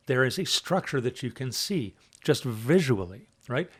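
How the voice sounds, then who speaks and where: A man lecturing a university writing class in a casual, chatty way, full of fillers and asides, shifting loudness and pitch for emphasis. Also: big pitch swings, a little slow, husky.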